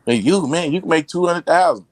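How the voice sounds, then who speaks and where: On a dry recording, a podcast host with a slightly high voice speaks fairly quickly, telling animated, profane stories. His casual delivery rambles loosely, with many restarts.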